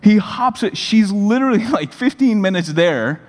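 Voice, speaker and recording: A man's voice: high voice, normal speed. Man in his forties preaching in a reverberant hall. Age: 40s. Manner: conversational, animated storytelling. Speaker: pastor. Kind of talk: sermon. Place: church sanctuary. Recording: long reverb of a large hall.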